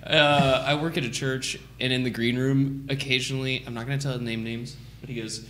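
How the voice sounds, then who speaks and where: A man's voice: medium pitch, a little fast, a little hiss or hum. A man co-hosting a casual podcast chat, telling funny stories and laughing often. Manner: laughs often, animated storyteller. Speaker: podcast co-host.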